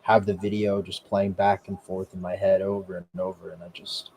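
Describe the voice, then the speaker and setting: A man talking on a live stream, halting and repeating words as he speaks. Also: sits low, little pitch movement, a little mellow, a little hiss or hum, rough recording. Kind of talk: casual live-stream talk.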